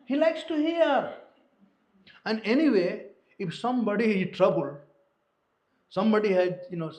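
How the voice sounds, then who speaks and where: Animated Indian man giving a sermon. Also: fairly high pitch. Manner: animated storytelling with humor. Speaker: visiting spiritual teacher. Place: lecture room in a home. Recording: echoey room, dull lo-fi sound.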